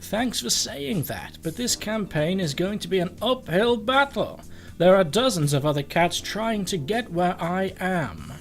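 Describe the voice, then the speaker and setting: Posh old butler-cat, a man doing the voice, polite, fussy, raised pitch. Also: animated, a little slow, vocal fry, heavily acted. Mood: worried. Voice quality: posh, plummy. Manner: fretful and polite.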